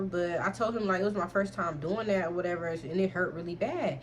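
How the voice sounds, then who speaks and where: A woman's voice: fairly low pitch, brisk, slight background noise. A young adult woman vlogger telling a candid storytime in frank slang, keeps addressing listeners as y'all.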